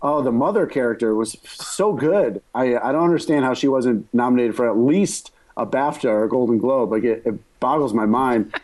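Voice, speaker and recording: A man's voice: mid-range voice, normal speed, few pauses, darkish tone. A man chatting casually on a podcast about bad movies, rambling and joking as he goes. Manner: rambling, self-interrupting, joking.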